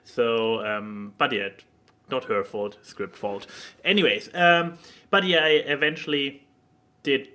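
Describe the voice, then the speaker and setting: Male podcast co-host, bright tense tone, halting delivery with many restarts. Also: mid-range voice, fairly even intonation. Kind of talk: casual podcast chat.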